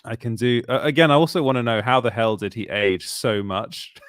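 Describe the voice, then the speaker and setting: A man's voice: medium pitch, brisk, a bit bright, no room sound, studio quality. A man in his thirties co-hosting a casual show, jokey and rambling, often laughing. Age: 30s. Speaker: podcast co-host. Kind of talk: casual chat.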